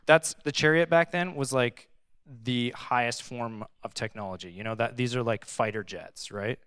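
A young man giving a casual, conversational sermon, reading scripture and adding animated, sarcastic asides. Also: mid-range voice, normal speed, smooth, no room sound, clean studio sound. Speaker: pastor.

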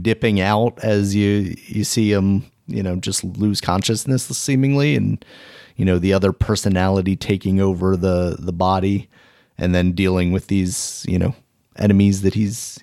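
A man's voice: fairly low pitch, a little mellow. A man co-hosting a casual chat show, easygoing and explaining at length in long run-on sentences. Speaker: podcast co-host.

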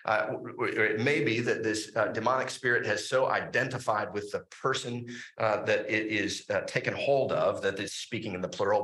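A man delivers a sermon in a bright, forward voice, leaning on tag questions and filler words as he thinks aloud. His voice rings out in a roomy, echoing sanctuary. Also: fairly low pitch, normal speed, few pauses. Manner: animated preaching with frequent fillers and tag questions. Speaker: pastor.

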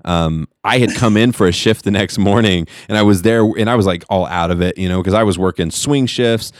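Low-voiced man telling stories, dry sound. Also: fairly quick, no echo. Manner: rambling, laughing often, swearing. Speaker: podcast co-host. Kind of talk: casual storytelling chat.

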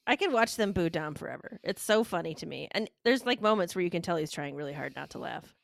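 A woman's voice: fairly low pitch, lively intonation, quick pace, vocal fry. A woman co-hosting a casual wrestling podcast, enthusiastic, chatty and giggly. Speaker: podcast co-host.

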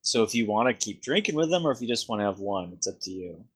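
A man's voice: lowish voice, big pitch swings, fast talker, husky. A man narrating as game master for a casual tabletop game, loose and often laughing.

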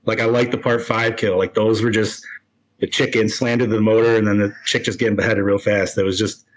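A man's voice: on the low side, level tone, a little fast, poor audio. Male co-host, loose rambling style, filler-heavy chat. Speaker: podcast co-host. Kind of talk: casual horror podcast chat.

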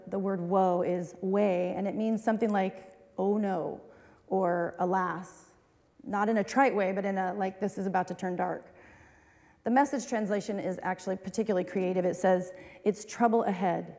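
A woman pastor delivers a sermon, moving from solemn recitation to candid, conversational asides that poke fun at herself. Her voice is warm and mellow, and it rings with a long reverb from a large church hall. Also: mid-range voice, fairly even intonation, normal speed.

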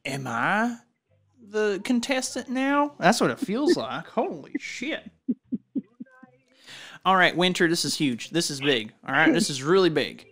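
A man playing a loud, excitable radio game show host in an improvised comedy sketch. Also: high-pitched, a little slow, heavily acted. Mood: hyped. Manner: yelling, hammy announcer delivery.

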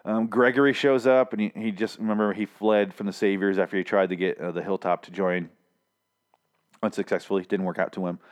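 Hoarse, exasperated man ranting. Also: fairly low pitch, fairly even intonation, brisk. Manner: exasperated, profane, repetitive. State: hoarse, losing his voice. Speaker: TV show reviewer. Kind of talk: casual ranting review.

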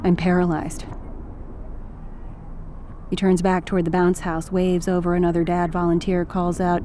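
A woman's voice: fairly low pitch, completely flat delivery, moderate pace, long pauses, mellow, a little hiss or hum. A woman narrating a first-person story in a wry, intimate way with flashes of anger.

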